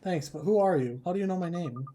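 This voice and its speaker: A man's voice: high voice, expressive, fast talker, warm tone, a little hiss or hum. A man voicing an earnest young boy hero who speaks politely, with a hesitant stammer at times.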